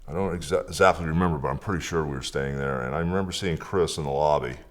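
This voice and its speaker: Very deep-voiced older man reminiscing. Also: fast. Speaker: interviewee, wrestler. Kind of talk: documentary interview reminiscence.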